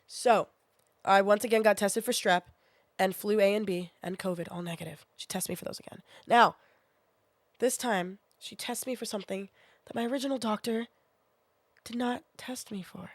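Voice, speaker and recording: A woman's voice: mid-range voice, normal speed, no room sound. Sick young woman streamer, dry close mic. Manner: swears freely, rambling and animated. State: sick with a sinus infection, congested and coughing. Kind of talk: casual storytelling to a live chat.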